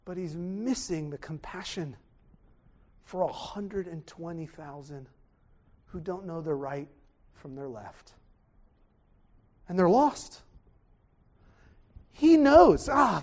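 A man preaching a sermon, animated, swinging from loud exclamations to hushed tones. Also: high-pitched, takes it slowly, pauses often.

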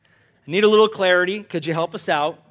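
A man's voice: high voice, brisk, a bit bright, voice pushed up. A man voicing an anxious, confused male disciple who pleads bluntly for answers. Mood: pleading.

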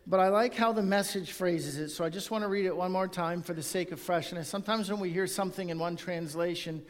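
A man's voice: high-pitched, fairly quick, in a large hall. A male pastor preaching a sermon and reading scripture aloud, in an earnest tone.

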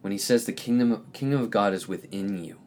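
A man hosting a podcast, giving a reflective spiritual teaching in an earnest, gentle, searching way. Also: on the low side, brisk, slight background noise. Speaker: podcast host.

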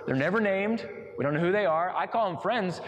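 Male pastor, slightly high voice, conversational sermon full of rhetorical questions, big reverberant hall. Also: lively intonation, brisk, dull audio.

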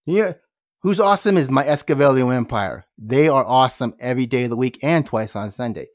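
A man hosting a podcast with high energy, firing rhetorical questions at his listeners. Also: lively intonation, fairly quick, no room sound. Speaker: podcast host. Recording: dull, dry lo-fi sound.

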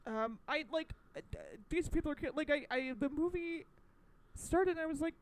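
A woman's voice: high voice, moderate pace, rough recording. A young woman co-hosting a podcast, talking casually with lots of fillers and restarts. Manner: rambling, full of fillers and restarts. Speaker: podcast co-host. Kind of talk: casual chat. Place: indoor recording, New York.

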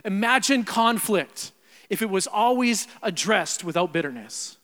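A young adult man preaching a sermon as pastor, animated, swinging between loud emphasis and quiet asides. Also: high voice, a little slow. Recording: long hall reverb.

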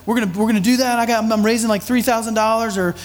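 A man preaching a sermon, telling a story in a conversational way with animated asides. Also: high voice, quick pace, in a large hall. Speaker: pastor.

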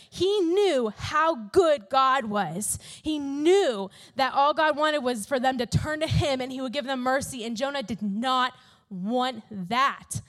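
A young woman telling a Bible story to a youth group in a casual, animated way, full of "like" and "literally". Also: high voice, slow. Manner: animated, chatty, fills talk with "like" and "literally".

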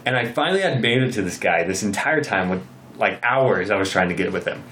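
A young man telling a story in a casual podcast chat, animated and acting out what people said. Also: lowish voice, fairly quick, a little hiss or hum. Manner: animated, acts out quoted lines. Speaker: podcast guest. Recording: roomy echo.

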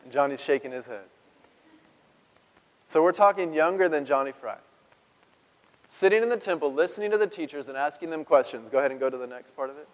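A man's voice: on the high side, in a large hall, low-quality recording. A male pastor giving a playful, conversational sermon in a church, chuckling often and speaking straight to the congregation.

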